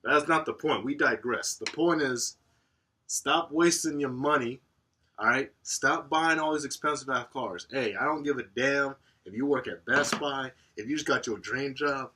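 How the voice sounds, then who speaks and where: A man co-hosting a podcast in casual chat, profane and animated, laughing often. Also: mid-range voice, moderate pace, slight background noise. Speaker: podcast co-host.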